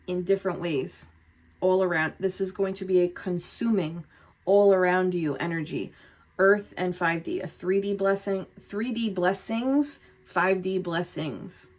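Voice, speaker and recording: A woman giving a casual tarot reading, chatty and expressive, with frequent laughs and swearing. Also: lowish voice. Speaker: tarot reader.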